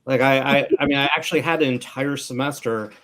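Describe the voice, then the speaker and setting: A man's voice: mid-range voice, fast talker, a crowd in the background. A man hosting a casual interview, jokey with playful slang and stumbling restarts. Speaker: host.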